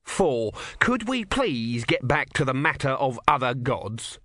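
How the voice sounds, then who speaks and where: A man's voice: mid-range voice, sing-song, unhurried, pushed and bright, dry recording, studio quality, exaggerated voice. A man voicing a testy, sarcastic little god. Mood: irritable. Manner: testy, sarcastic, impatient heckling. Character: small grumpy male god stuck in tortoise form.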